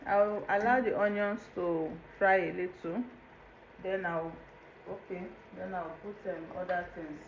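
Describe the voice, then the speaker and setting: A woman's voice: on the low side, fairly even intonation, measured pace. Woman walking you thru her cooking, chatty, keeps saying okay, kitchen hum in the back, kinda muffled audio. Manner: chatty step-by-step explaining, checks in with "okay?". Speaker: cooking channel host. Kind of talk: casual cooking tutorial. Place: home kitchen. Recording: dull lo-fi home video with faint room noise.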